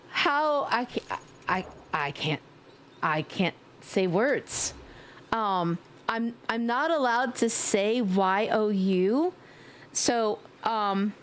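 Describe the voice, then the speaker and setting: A woman streamer chatting casually with her viewers in a playful way, now and then slipping into squeaky baby talk and screams. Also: fairly bright tone, slight background noise. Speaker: livestreamer. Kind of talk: casual live-stream chat.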